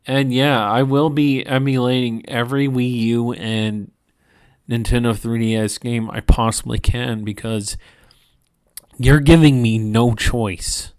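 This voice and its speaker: A tired man hosting a gaming channel, ranting in a halting, profane monologue with frequent restarts. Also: mid-range voice, fairly even intonation, a little mellow, clear, resonant tone, no room sound, clean studio sound. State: tired from lack of sleep.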